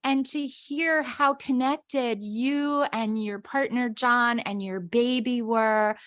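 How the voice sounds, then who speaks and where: A tearful woman podcast host speaks very slowly in a fairly high voice, gushing with feeling. The sound is close and dry. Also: fairly bright tone, no room sound. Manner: gushing, effusive, emotional. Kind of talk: interview podcast.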